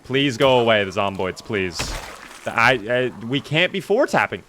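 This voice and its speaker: A man's voice: mid-range voice, sing-song, a little slow, fairly bright tone, slight background noise. A man streaming a video game, chatting casually with his viewers and joking in a mock-formal way while talking around a sore in his mouth. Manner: chats with viewers by name. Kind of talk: casual gameplay commentary to live chat.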